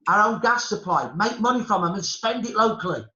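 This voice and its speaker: A middle-aged historian from England with a Brummie accent joins a conversational discussion as a guest, his high-pitched voice expressive, sharp, and a bit fast. He argues passionately and emphatically, repeating points to drive them home, in a lo-fi recording with roomy echo.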